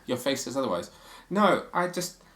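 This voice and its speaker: A man's voice: medium pitch, very animated, moderate pace, a bit bright, roomy sound. A man co-hosting a podcast in casual chat, sharing strong opinions and reading quotes aloud. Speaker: podcast co-host.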